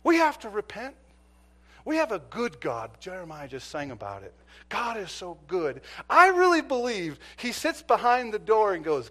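A man's voice: a little high, very animated, moderate pace, a little hiss or hum. Preacher in his fifties telling a police story. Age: 50s. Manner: dramatic storytelling, acts out dialogue, swings from shouting to near-whisper. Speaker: preacher and former police officer. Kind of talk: sermon with storytelling.

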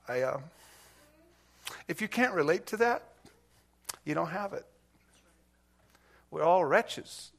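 A man preaching a sermon as pastor, moving from quiet, intimate stretches to loud, emphatic passages, with anecdotes and light self-deprecating asides. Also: a little high, very animated, slow, gravelly, pauses often.

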